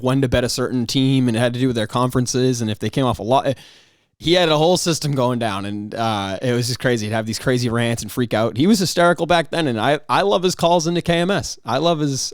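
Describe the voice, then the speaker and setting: A man hosting a solo podcast, rambling in a casual, excitable way with frequent restarts and mock outrage. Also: medium pitch, no echo, studio quality. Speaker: podcast host.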